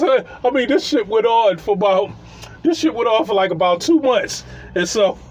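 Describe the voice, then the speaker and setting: A man's voice: high-pitched, breathy edge. A man, a landlord, telling a funny story about his tenants in a casual style. He laughs often and keeps acting out what people said. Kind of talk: comedic storytelling.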